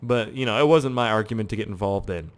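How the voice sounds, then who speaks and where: A man's voice: lowish voice, quick pace. Rambling, profane gamer guy. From Canada. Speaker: gaming YouTuber. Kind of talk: casual storytelling over gameplay.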